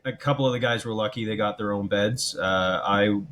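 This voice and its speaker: Low-voiced male band member, even and unhurried in a casual interview, faint hiss behind. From Canada. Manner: steady, thoughtful, many "um" and "you know".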